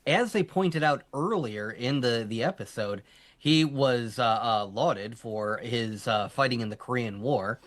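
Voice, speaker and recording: A man's voice: medium pitch, measured pace. A man co-hosting a live stream, joking his way through a casual recap of a TV episode. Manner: lively, jokey commentary. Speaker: co-host.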